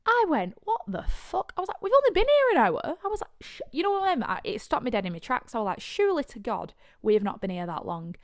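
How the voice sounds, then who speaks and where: A woman's voice: medium pitch, fast, few pauses, no echo, clean studio sound. Sweary Lancashire woman telling a story. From North West England. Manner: animated, sweary, blunt storytelling with shouted asides. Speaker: podcast host. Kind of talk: casual storytelling.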